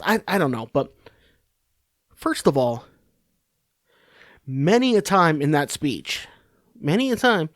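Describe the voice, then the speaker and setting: A man's voice: on the high side, no room sound, studio quality. A man hosting a podcast, giving rambling, sarcastic political commentary full of swearing and restarts. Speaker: podcast host.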